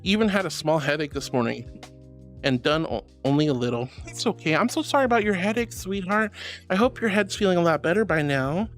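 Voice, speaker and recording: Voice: fairly quick, faint music behind. Bubbly, affectionate VTuber streamer. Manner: bubbly, affectionate, calls viewers sweetie; swoops into high squeals of excitement. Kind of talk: livestream chat reading viewer messages.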